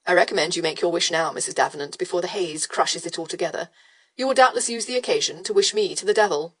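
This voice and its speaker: A woman reading an audiobook voices an arrogant male aristocrat who drawls and teases in smooth, provocative tones. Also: on the low side, quick pace, close to an everyday voice. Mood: teasing drawl. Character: arrogant, lazily teasing male aristocrat rake. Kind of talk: audiobook character voice.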